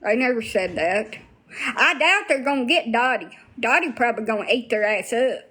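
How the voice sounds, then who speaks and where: A woman's voice: fairly high pitch, lively intonation, normal speed, a bit bright, slightly rough. A woman talking bluntly to viewers on a casual livestream, swearing freely.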